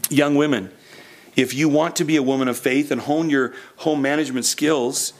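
A young man preaching a sermon, telling a personal story earnestly with frequent restarts. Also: on the high side.

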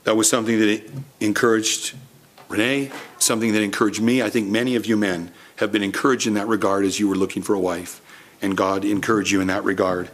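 A young man preaching a sermon, telling a personal story earnestly with frequent restarts. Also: fairly low pitch.

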